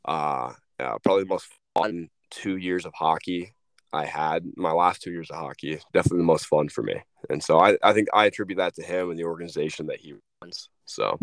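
A man's voice: sits low, brisk, no room sound. A young man, a former hockey player, telling rambling stories as a podcast guest. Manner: rambling, restarts, lots of "like" and swearing. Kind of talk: casual storytelling.

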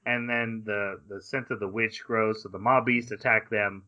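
A man co-hosting a podcast, casually recapping an episode in a rambling way with quick quoted asides. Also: lowish voice, little pitch movement, pushed and bright, lo-fi sound. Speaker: podcast co-host.

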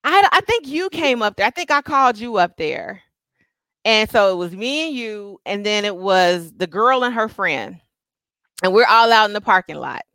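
A woman in her thirties telling a story in casual chat, profane and animated, acting out what people said. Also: medium pitch, moderate pace, no room sound. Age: 30s. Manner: animated, profane, acts out quotes. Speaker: podcast co-host.

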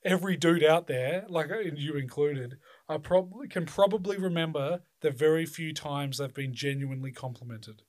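A man's voice: a little high, moderate pace, few pauses. A man chatting casually as a podcast co-host, rambling and swearing, acting out quotes in little voices. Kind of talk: casual chat.

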